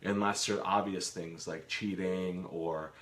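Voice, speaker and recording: Low-pitched and unhurried, this kitchen co-host has a fairly bright tone and fairly even intonation. He rambles through the live home Q and A, joking, trailing off, and starting over.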